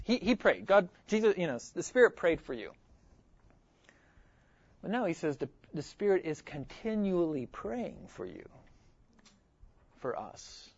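Earnest male preacher, high voice, drops to a hush for emphasis; dry, slightly muffled sound. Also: no echo. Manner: earnest, repeats key phrases, swings from loud emphasis to hushed asides. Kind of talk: expository sermon.

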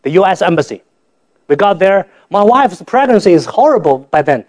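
Male guest speaker, higher register, halting broken-English church testimony. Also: very animated. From China. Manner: halting, repeats and restarts words, simple broken English.

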